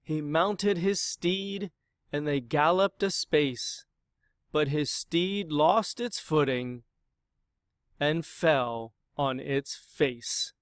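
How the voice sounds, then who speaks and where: Slow, expressive man reading a picture book. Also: a little high, dry recording, studio quality. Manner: expressive, dramatic read-aloud. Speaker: storyteller.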